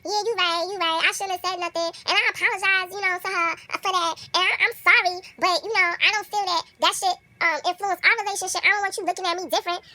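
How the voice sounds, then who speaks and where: A very high, chirpy young woman's voice rattles along at a quick clip. It sounds bright and thin, like a bird, and a little distant from the mic. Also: fairly even intonation, full character voice. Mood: apologetic. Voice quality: high, birdlike voice.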